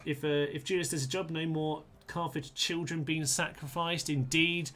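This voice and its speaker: A man's voice: fairly high pitch, steady tone, moderate pace, fairly bright tone. A man giving chatty live commentary on a strategy game, talking to his troops in a playful way and laughing often. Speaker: gaming streamer.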